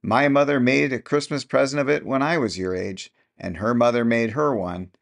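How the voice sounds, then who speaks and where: A man's voice: medium pitch, steady tone, moderate pace, gravelly, natural voice. A man voicing a sly old countrywoman who has long pretended to be deaf, speaking in a rustic dialect with a knowing chuckle. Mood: conspiratorial.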